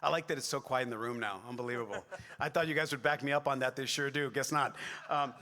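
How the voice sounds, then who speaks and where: A middle-aged man, a voice actor on a convention panel, telling rambling, excitable stories to the audience with many restarts and asides. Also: medium pitch, fast talker. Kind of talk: animated storytelling on a convention stage. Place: large convention hall. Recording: echoey hall with long reverb.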